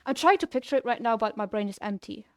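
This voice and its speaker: A woman's voice: fairly high pitch, animated, fast talker, dry recording, clean studio sound. A young adult woman with a German-sounding non-native English accent, chatting casually with her stream viewers in a rambling way that is full of restarts. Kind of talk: casual live-stream chat.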